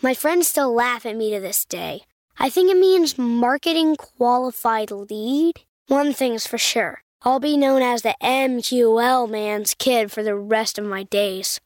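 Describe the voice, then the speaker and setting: A woman's voice: fairly high pitch, measured pace, no room sound, natural voice. A woman voicing an embarrassed girl who complains dramatically about her dad's job in a scripted ad. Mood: aggrieved. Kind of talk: scripted radio ad. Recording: dry studio sound.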